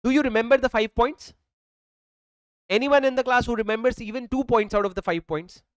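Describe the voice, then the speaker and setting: Indian English male teacher, high voice, dry close mic, drills points to a classroom. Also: brisk, clear, resonant tone, no room sound, rough recording. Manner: emphatic, repetitive, addresses students as sir. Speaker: accountancy law teacher. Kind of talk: classroom lecture. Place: classroom with students. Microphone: handheld or worn mic.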